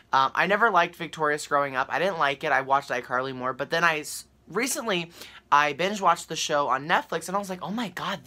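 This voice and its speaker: A young woman chatting casually to her viewers and reading a news article aloud, excitable and full of fillers. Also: low voice. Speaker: vlogger.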